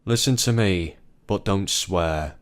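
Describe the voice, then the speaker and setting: A man's voice: deep voice, takes it slowly. A man voicing a defensive husband in a story, blunt and then pleading. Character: defensive middle-aged husband.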